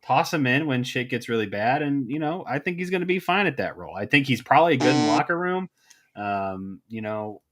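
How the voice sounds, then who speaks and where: A man chatting casually about football on a livestream, relaxed and hesitant with lots of fillers. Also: medium pitch. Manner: laid-back, hesitant, filler-heavy. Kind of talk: casual sports talk.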